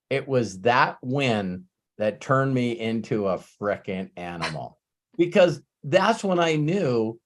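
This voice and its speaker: Male host, casual coach, repeats words, gets emotional, curses freely. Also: mid-range voice. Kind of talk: casual live Q&A storytelling.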